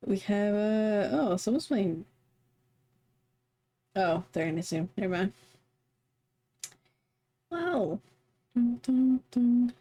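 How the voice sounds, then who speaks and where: A woman's voice: medium pitch, expressive, slow pace, pauses often, mellow, highs cut off. A woman streamer chatting casually, rambling and playful, poking fun at herself. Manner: rambling, playful, self-mocking.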